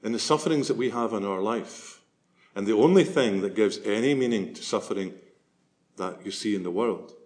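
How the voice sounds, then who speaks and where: Earnest male priest, lowish voice. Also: normal speed, a little mellow. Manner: earnest, preaching with emphatic swells. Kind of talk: sermon.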